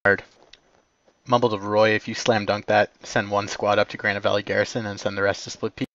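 A man's low voice directs his team in a war game, delivering terse, clipped orders with little rise or fall. The sound is dry and dull, like a cheap mic with the highs rolled off. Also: level tone, brisk, fairly bright tone, dry recording. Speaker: platoon commander in an online war game. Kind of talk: terse voice-chat commands.

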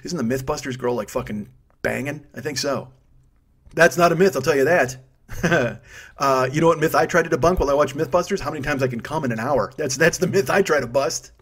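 Husky, profane man rambling in his fifties. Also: fairly high pitch, brisk, fairly bright tone. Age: 50s. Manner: profane, self-mocking, goes off on tangents. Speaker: podcast host. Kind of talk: rambling solo comedy podcast.

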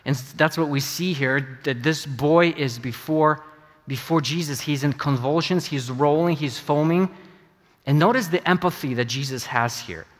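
A middle-aged man preaching a sermon as pastor, earnest and halting, often repeating his words. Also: a little high. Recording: long reverb of a church hall.

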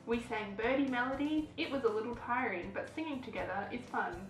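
A woman's voice: fairly high pitch, a little fast. A woman hosting a casual let's play, chatty and giggly as she reads the game text aloud. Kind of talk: casual gameplay commentary. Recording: echoey room with background music.

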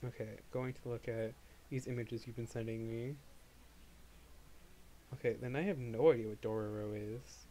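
A man's voice: medium pitch, fairly even intonation, normal speed, pauses often, warm tone, a little hiss or hum. A young man streaming live, chatting casually and rambling, often restarting his sentences. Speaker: livestreamer. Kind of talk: casual livestream chat.

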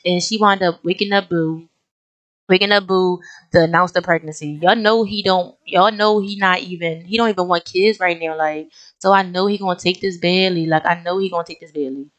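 Chatty young woman with a lowish voice. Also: fairly even intonation, fairly quick. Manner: chatty, exclaims often, talks straight to viewers. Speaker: let's play host. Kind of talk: casual gameplay commentary.

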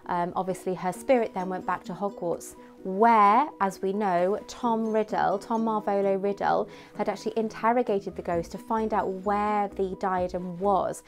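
A young woman chatting casually and gushing as she reviews a replica tiara, giggly and animated. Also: medium pitch, normal speed, hardly any pauses, faint music behind. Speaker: vlogger reviewing a prop replica. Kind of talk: casual product review chat.

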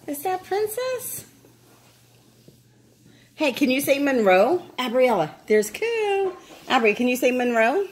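High, lively woman cooing to dogs. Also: moderate pace. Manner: baby talk to dogs and a toddler, laughs often. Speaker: vlogger, dog owner. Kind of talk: casual home video chat. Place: indoors at home with dogs. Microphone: handheld phone.

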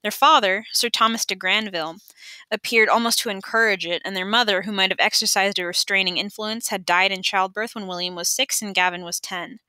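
Amateur woman audiobook reader, bright, dry sound, occasional stumbles. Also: mid-range voice, fairly even intonation, a little fast, dry recording. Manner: plain reading with occasional stumbles. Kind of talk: audiobook narration.

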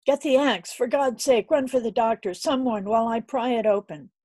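A woman's voice: on the low side, expressive, normal speed, mellow, husky, no room sound. A woman reading the lines of an anxious young sailor, calling out urgently and pleading for help.

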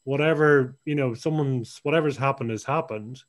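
A man's voice: mid-range voice, normal speed. A man hosting a podcast interview, probing with questions and thinking aloud, sometimes acting out little scenes. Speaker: podcast host. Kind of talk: conversational interview.

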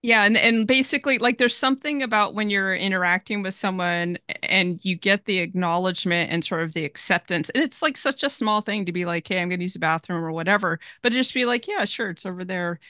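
A woman's voice: medium pitch, fairly quick, hardly any pauses, sharp tone, no echo, studio quality. A woman hosting a podcast, chatting frankly and casually with a guest. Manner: chatty, frank, laughs easily. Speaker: podcast host. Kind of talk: casual conversation.

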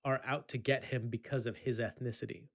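Man telling an animated work story. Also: medium pitch. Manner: animated storyteller, halting restarts, laughing asides. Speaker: podcast co-host. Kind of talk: casual podcast chat.

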